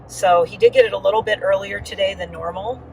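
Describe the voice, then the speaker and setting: Woman, casual vlogger, rambling and animated, mic held back, road rumble behind. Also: quick pace, recorded from a distance. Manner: rambling, animated, lots of fillers. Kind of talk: casual chatty vlog update.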